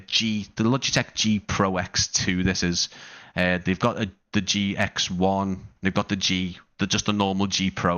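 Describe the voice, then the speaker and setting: Lowish-voiced guy rambling on his live stream, lots of ums and false starts, headset mic at home. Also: a bit bright. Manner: rambling, many fillers and restarts, laughs often. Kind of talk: casual live-stream chat. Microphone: wireless gaming headset.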